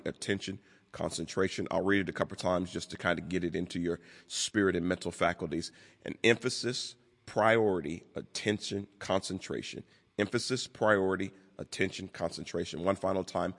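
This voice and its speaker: A man preaching a sermon as pastor, deliberate and repeating key words for emphasis. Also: sits low. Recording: long hall reverb.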